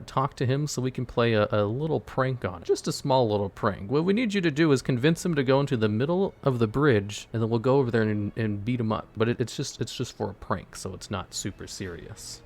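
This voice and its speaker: A man's voice: mid-range voice, lively intonation, brisk, hardly any pauses, close to an everyday voice. A man doing a wheedling scheming dragon. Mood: coaxing. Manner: wheedling, coaxing. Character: scheming smooth-talking male dragon.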